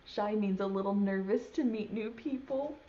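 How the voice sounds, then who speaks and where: A young adult woman, a preschool teacher, reading a picture book aloud to children on camera and warmly praising them by name. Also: medium pitch, moderate pace, lo-fi sound.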